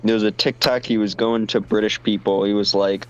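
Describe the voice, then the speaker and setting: A man's voice: lowish voice, fairly even intonation, lo-fi sound. A man chatting casually on a stream while playing a game, distracted and apologetic. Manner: slow, distracted, self-deprecating chatter. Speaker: stream co-host.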